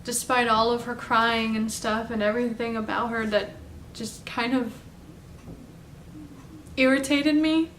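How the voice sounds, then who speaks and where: A young woman telling a personal story in a halting, confessional way, at home. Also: on the high side, fairly even intonation, distant mic. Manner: halting, confessional, soft-spoken. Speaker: vlogger telling her story. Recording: roomy, off-mic, faint background noise.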